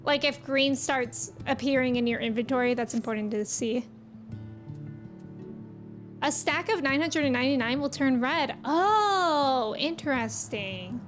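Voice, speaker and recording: A woman's voice: high voice, lively intonation, measured pace, faint music behind. A young woman streaming a game, thinking aloud in a chatty, casual way. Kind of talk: live game commentary.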